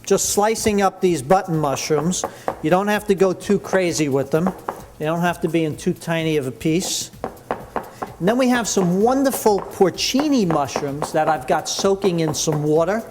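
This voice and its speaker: A man's voice: high-pitched, expressive, moderate pace, noisy background. A man leading a cooking demonstration, chatty and enthusiastic as he explains each step in the kitchen. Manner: enthusiastic, chatty, full of praise. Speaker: cooking instructor.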